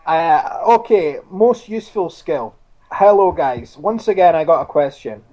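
A man's voice: on the high side, animated, unhurried, warm tone. A man co-hosting a podcast in casual chat, easygoing as he reads out listener questions. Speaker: podcast co-host.

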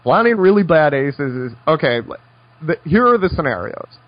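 A man's voice: on the high side, big pitch swings, normal speed, dry recording, dull audio. A man teaching poker strategy in a conversational way, telling stories with dry, wry asides. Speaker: poker coach. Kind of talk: instructional poker talk.

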